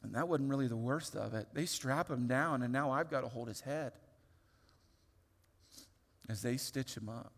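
A male pastor in his thirties tells a story from the pulpit, lively and open, often stopping and restarting his sentences. His mid-pitched voice carries a long reverb from a large hall. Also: normal speed, long pauses. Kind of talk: sermon storytelling.

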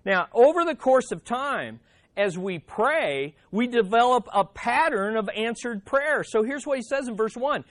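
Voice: medium pitch, lively intonation, a little slow, no room sound. Pastor preaching, emphatic, repeats phrases, dry close sound. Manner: emphatic, repeats key phrases, asks the audience "Amen?". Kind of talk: sermon.

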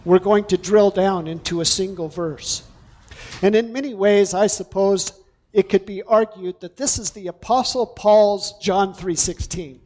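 Slow, high-voiced male pastor preaching. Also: a little mellow. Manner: deliberate, emphatic preaching with drawn-out stresses. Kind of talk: sermon.

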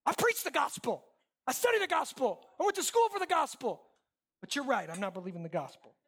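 A male pastor preaching a sermon in a conversational, animated way, asking the congregation questions and swinging between loud and hushed. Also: extremely high pitch, a little fast. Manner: conversational, asks the crowd questions.

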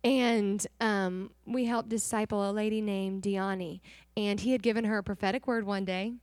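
A young adult woman giving an earnest, animated personal testimony to a church congregation, acting out the dialogue as she tells it. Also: medium pitch, normal speed, dry recording. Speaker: missionary sharing testimony.

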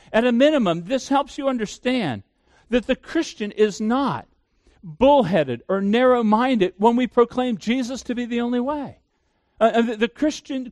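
A man's voice: extremely high pitch, a little mellow, no echo, clean studio sound. A man preaching a sermon as pastor, emphatic, asking the listeners questions and answering them himself.

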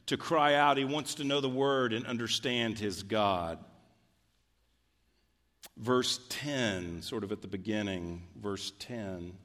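A man's voice: medium pitch, a bit bright. A man preaching a sermon as a pastor, reading scripture aloud and rising into fervent emphasis. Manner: deliberate, building to fervent emphasis. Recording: reverberant hall.

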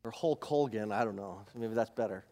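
A man preaching a sermon as pastor, animated, moving from loud emphasis to quiet asides. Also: on the low side, brisk. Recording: live church service.

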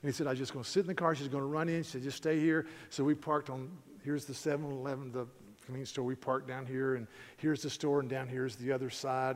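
Animated preacher telling stories in reverb. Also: male voice, mid-range voice. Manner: conversational, animated, frequent restarts. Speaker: pastor. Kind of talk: sermon with storytelling. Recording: hall reverb.

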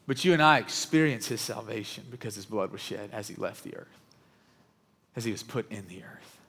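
Hushed, earnest man preaching in a hall. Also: fairly low pitch, expressive, a little fast, slightly rough. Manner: earnest, often dropping to a hushed voice. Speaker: pastor. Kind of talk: sermon with storytelling. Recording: long reverb of a large hall.

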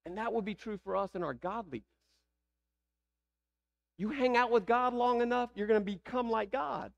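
A man's voice: very high voice, moderate pace, creaky, lo-fi sound. A man with a Southern American accent preaching a sermon, asking the congregation rhetorical questions. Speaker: pastor.

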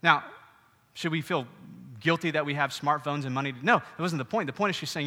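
A middle-aged man giving a sermon as pastor, conversational and animated, with frequent asides to the congregation. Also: fairly high pitch, a little fast. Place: church hall. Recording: reverberant church hall.

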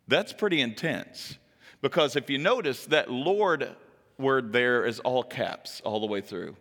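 A man preaching a sermon, telling a story with animated delivery and sudden jumps in pitch when he acts out quoted lines. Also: moderate pace, in a large hall.

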